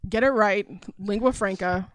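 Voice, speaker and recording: A woman's voice: mid-range voice, normal speed, no echo, studio quality. A woman guest on a podcast, chatting casually and agreeably, with many yeahs and ums. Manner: agreeable, frequent yeahs and ums, listing examples. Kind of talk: casual chat.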